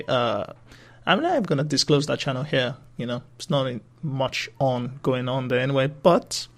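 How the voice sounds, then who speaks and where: Gravelly-voiced man rambling on a podcast. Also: mid-range voice, fairly bright tone. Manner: rambling, chatty, swears and laughs easily. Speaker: podcast host. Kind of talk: casual solo podcast chat.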